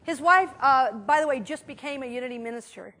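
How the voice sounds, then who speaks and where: Talking a little fast, a woman minister in a church sanctuary tells stories in a chatty, filler-laden way. Her high, bright voice keeps the casual, animated sermon feeling like a friendly conversation with the room.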